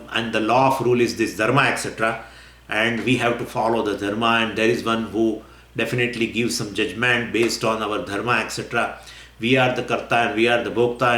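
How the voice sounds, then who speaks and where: A man teaching scripture in a lecture. He talks in an animated way, acts out imagined questions and often chuckles. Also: mid-range voice. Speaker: spiritual teacher. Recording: roomy echo.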